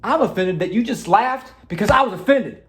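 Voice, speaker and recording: A man's voice: high-pitched, lively intonation, a little fast, fairly bright tone, voice pushed up. A man voicing an easily offended, indignant young man who complains in a whiny, huffy way.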